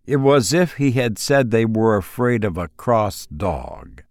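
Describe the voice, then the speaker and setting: A man narrating a first-person story in a calm, measured reading voice. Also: fairly low pitch, no echo, studio quality.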